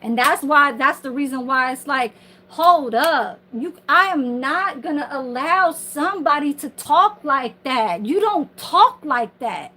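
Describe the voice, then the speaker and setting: A woman's voice: high-pitched, lively intonation, a little slow, sharp tone, a little hiss or hum, low-quality recording. A woman ranting on her livestream from home in a casual, heated, profane and rambling way.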